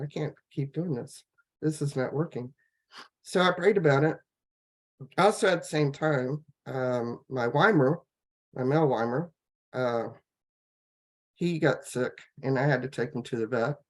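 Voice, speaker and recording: A woman on a laptop video call, telling her personal health story in a rambling, halting way, full of fillers and restarts. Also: extremely low pitch. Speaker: guest sharing a health testimonial. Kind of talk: casual personal testimony.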